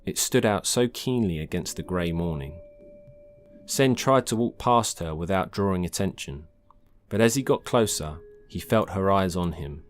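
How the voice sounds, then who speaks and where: A man narrates a story in a calm, measured way. His voice sits very low, and a faint hiss runs beneath the reading. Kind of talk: scripted narration.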